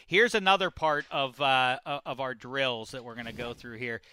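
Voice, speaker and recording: A man hosting a comedy interview segment, playful and mock-serious, breaking into loud exclamations. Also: mid-range voice, moderate pace, clear, resonant tone. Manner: jokey, bursts into loud exclamations. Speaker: comedy show host.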